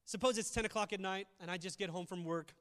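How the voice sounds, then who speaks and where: A male pastor giving a conversational sermon, shifting between loud emphasis and quiet reflective asides. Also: high-pitched, fast, smooth, big-room sound.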